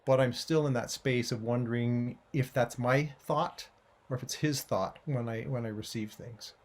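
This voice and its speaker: A man speaks quietly and with some hesitation as a participant. His voice sits at an ordinary middle pitch. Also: fairly even intonation, moderate pace. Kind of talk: casual conversation.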